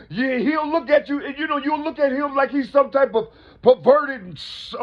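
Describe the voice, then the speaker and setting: High-voiced man preaching in a rambling, repetitive way. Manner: rhetorical, repetitive, keeps asking the listener "you see?". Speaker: speaker. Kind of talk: rambling spiritual monologue. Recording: dull lo-fi recording.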